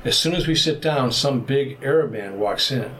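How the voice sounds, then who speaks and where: A man's voice: medium pitch, moderate pace, slight background noise. Man telling a travel story. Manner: animated, vivid storytelling. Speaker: podcast guest. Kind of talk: storytelling anecdote.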